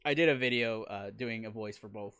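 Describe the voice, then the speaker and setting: A man interviewing a guest in casual chat, excitable and laughing often, swearing freely. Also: on the low side, a little fast, clear, resonant tone, no echo. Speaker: interviewer and streamer.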